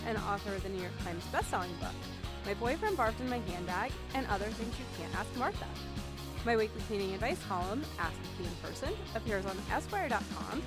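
A woman hosting a podcast in a studio, chatty and quick to laugh, often restarting her sentences. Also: mid-range voice. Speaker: podcast host. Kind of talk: casual podcast chat.

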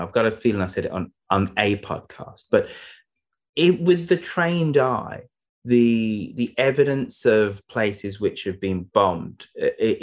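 A man with a Brummie accent, co-hosting a podcast and telling chatty, jokey anecdotes. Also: mid-range voice. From England. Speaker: podcast co-host. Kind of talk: casual chat.

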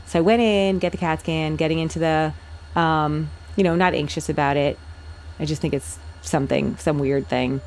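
Low-voiced woman telling a personal story. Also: steady tone, fairly quick, darkish tone. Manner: candid, rambling with fillers and restarts. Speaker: company founder.

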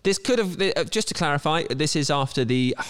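A man's voice: on the high side, lively intonation, a little fast, noisy background. A man co-hosting a podcast, chatting casually with jokey asides. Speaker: podcast co-host.

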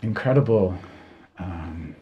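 A man narrating a tabletop game as game master, relaxed and halting, with many fillers. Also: low-pitched, phone-quality sound.

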